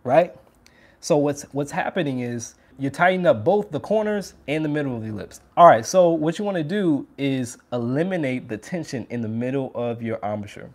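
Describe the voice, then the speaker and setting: A man's voice: mid-range voice, lively intonation, normal speed. A man giving a casual trumpet lesson, talking straight to viewers in an upbeat, hands-on way. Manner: upbeat, demonstrates by putting on strained voices. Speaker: trumpet teacher.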